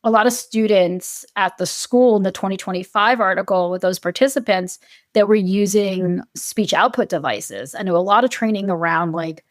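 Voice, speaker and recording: A woman's voice: medium pitch, normal speed, dry recording, studio quality. A woman researcher talking animatedly as a podcast guest, often acting out the voices she quotes. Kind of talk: conversational podcast interview.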